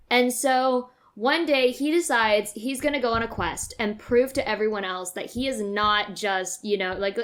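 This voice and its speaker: Woman podcaster, a bit high, casually rambling through a story pitch with lots of "you know". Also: a bit bright.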